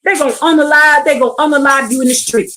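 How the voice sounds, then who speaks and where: A woman's voice: high-pitched, fairly even intonation, fast talker, sharp tone. A woman reading scripture aloud on a livestream, breaking off into blunt, profane asides and pleading rhetorical questions. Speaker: scripture teacher. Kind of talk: livestreamed Bible reading with commentary.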